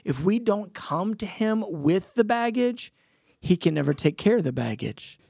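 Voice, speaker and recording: A man with a gravelly, fry-tinged voice pitched a little high, co-hosting a casual Bible discussion. He exhorts listeners earnestly and retells scripture in everyday words. The recording is dry and close. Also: animated, unhurried, darkish tone, dry recording.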